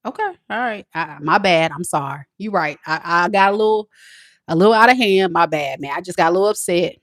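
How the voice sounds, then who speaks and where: Woman doing a soft-spoken apologetic boyfriend. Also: on the low side, brisk, no echo, clean studio sound, lightly acted. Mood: sheepish. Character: apologetic loving adult man, boyfriend.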